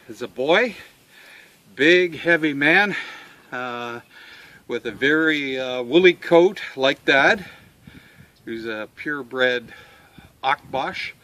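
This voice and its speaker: A man showing his farm dogs and puppies outdoors, talking in an unhurried, halting way with many fillers and coaxing the dogs fondly. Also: mid-range voice, sharp tone. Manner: fond, coaxing talk to the dogs. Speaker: dog breeder selling puppies. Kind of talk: casual farm video walkthrough.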